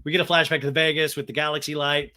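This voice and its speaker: A man's voice: fairly high pitch, flat delivery, quick pace, sharp tone, clean tone. A man hosting a podcast, giving a comedic recap with sarcastic asides. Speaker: podcast host. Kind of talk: comedic recap of a reality show.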